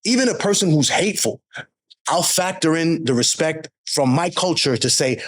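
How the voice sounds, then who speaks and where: A man's voice: fairly high pitch, expressive, moderate pace. A man as a podcast guest, telling stories in a blunt, profane and emphatic way. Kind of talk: casual interview talk, storytelling.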